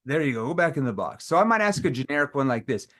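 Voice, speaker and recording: A man leading a live sales training seminar, animated and demonstrating questions in a challenging tone. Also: medium pitch, fast talker.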